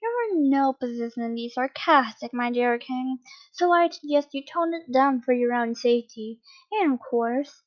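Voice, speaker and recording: This is a smug male henchman who draws out his taunts with mock politeness, as a woman reading the story puts him on. His voice sits a bit high and the recording has a slightly muffled, lo-fi sound. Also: lively intonation. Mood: taunting. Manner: mocking, drawn-out taunting.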